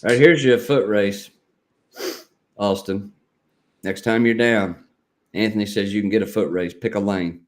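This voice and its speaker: A man hosts a laid-back live stream in a lowish voice. He rambles, jokes and picks on his viewers. He greets people by name as their comments come in. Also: steady tone, measured pace, long pauses. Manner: joking, rambling, reads viewer comments aloud. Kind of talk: casual live stream chat.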